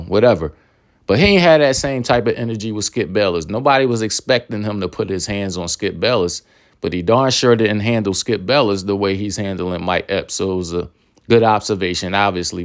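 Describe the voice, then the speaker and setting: A male host with a deep, smooth, resonant voice introduces the topic calmly. He speaks at an even, conversational rhythm. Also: fairly quick. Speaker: channel host. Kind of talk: commentary setup.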